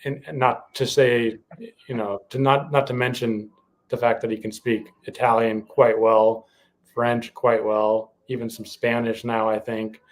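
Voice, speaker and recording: Casting: male co-host, mid-pitched voice, hesitant and chatty, casual podcast talk. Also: little pitch movement, measured pace. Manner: hesitant, many fillers and restarts. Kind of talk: casual chat.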